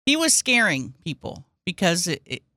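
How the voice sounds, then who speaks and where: A woman's voice: fairly low pitch, sing-song, moderate pace, bright, forceful tone, no room sound, clean studio sound. A woman co-hosting a podcast in casual chat, playful and joking, laughing a lot. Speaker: podcast co-host.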